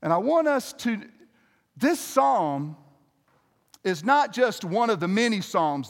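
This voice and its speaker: A male pastor with a high-pitched voice delivers a sermon, his words carrying a long reverb through a church hall. He talks conversationally, restarting phrases and turning to the congregation with questions.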